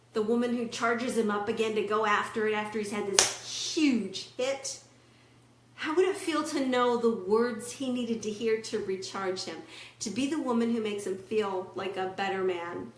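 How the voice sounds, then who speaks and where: A woman's voice: mid-range voice, roomy sound. A woman relationship coach giving a motivational talk, telling client stories and acting out their words. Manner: storytelling, animated quoting of clients.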